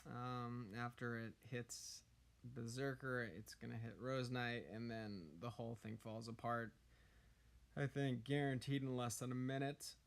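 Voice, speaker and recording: A hoarse man giving casual game tips, hesitant, with many ums and uhs. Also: mid-range voice, little pitch movement, unhurried. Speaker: gaming YouTuber.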